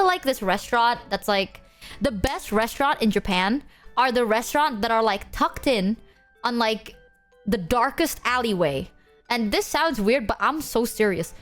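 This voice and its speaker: A young woman streamer telling stories to her chat in a casual, animated way, acting out exchanges with bursts of Japanese. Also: on the high side. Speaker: VTuber streamer.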